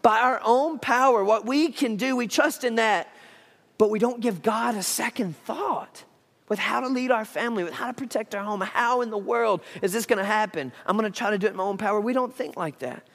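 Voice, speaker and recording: A male pastor preaching a sermon, telling a Bible story with lively, acted-out dialogue. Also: high voice, moderate pace, vocal fry, long reverb tail. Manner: animated storytelling, acting out Bible characters. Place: church sanctuary.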